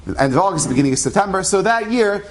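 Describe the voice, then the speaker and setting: A man's voice: high voice, animated, fast. A man telling a true story in a casual, conversational way, acting out the dialogue of the people in it. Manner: conversational, acts out quoted dialogue.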